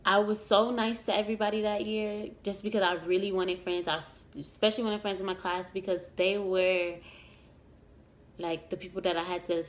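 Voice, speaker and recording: A woman's voice: medium pitch, level tone, moderate pace. A young woman vlogger telling a story about herself in a casual, rambling way, with frequent restarts and fillers. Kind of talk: story time vlog.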